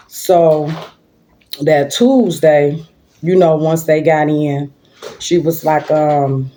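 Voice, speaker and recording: A woman's voice: low voice, fairly even intonation, slow, long pauses, dark tone. An older woman, a grandmother, chatting and rambling through a story while eating lunch at home for her vlog, recorded on a phone. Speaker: vlogger. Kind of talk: casual mukbang storytelling.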